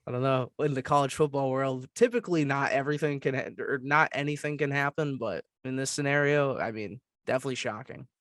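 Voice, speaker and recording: A man's voice: mid-range voice, a little fast, few pauses, a bit bright, no room sound, studio quality. A young man co-hosting a sports podcast, talking casually and restarting his sentences as he goes. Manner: chatty, trails off and restarts. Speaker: podcast co-host.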